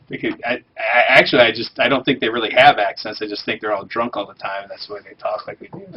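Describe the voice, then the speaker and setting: A man's voice: lowish voice, fairly even intonation, fast talker, husky, dull audio. A man hosting a game livestream, chatting casually and joking while he plays and reads quest text aloud. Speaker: livestream host playing a game. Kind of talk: casual chat over gameplay.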